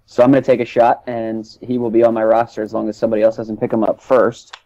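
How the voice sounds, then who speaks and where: A man's voice: lowish voice, level tone, quick pace, mellow. A man co-hosting a casual sports podcast, laid-back and hesitant with lots of ums. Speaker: podcast co-host. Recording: dull, dry lo-fi line.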